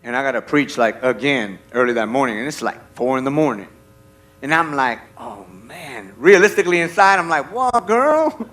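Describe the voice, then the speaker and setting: A man preaching a sermon as a lively story, acting out voices and checking in with the audience. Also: mid-range voice, brisk. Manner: animated, acts out voices in his stories.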